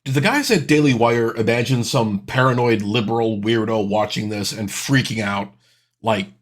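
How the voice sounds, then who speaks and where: A man's voice: lowish voice, normal speed. Man, thirties, reaction host, sarcastic, exasperated, casual commentary.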